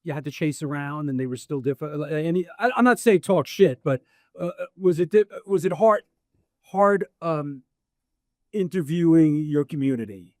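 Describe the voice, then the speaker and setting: Man, moderator, live panel Q&A, blunt, swears a lot, fairly high voice, dry sound. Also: moderate pace, no echo. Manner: blunt, casual, swears freely. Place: book event in a record store.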